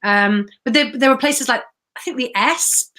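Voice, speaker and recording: Bright woman telling stories. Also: on the high side. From Wales. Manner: chatty storyteller, quick asides. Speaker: guest. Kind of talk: casual chat.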